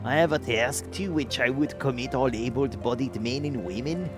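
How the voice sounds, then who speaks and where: A man's voice: medium pitch, animated, measured pace, music in the background, close to an everyday voice. A man voicing a pompous noble male commander in a grating, bad put-on accent, stumbling over words. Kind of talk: reading game dialogue aloud.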